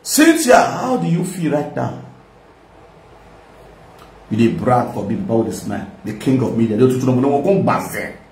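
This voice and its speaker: Laughing frequently, a Nigerian-accented man gives mocking, meandering reaction commentary for social media. He speaks expressively at a moderate pace with frequent pauses, his mid-range voice dark in tone. The recording is off-mic in an echoey room, with a little hiss or hum.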